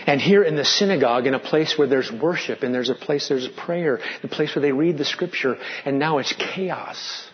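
A man preaching a sermon as pastor, animated and swinging between loud and hushed, sometimes asking the congregation questions. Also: medium pitch, moderate pace, hardly any pauses, muffled recording.

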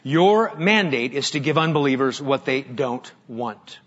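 A male pastor preaching a sermon, telling stories dramatically and swinging from hushed, slow lines up to loud, emphatic ones. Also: medium pitch, expressive, muffled recording.

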